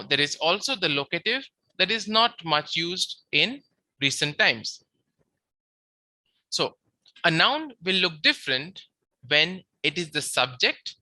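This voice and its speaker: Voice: mid-range voice, pushed and bright, no room sound. A teacher giving a patient slide-based lecture to beginners, repeating key words to stress them.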